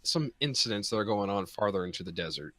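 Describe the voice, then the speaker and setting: A man doing a soft-spoken polite gnome leader. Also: expressive, no room sound. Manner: courteous, measured, lower and quieter. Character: calm gnome leader, polite male cartographer. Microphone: online video call.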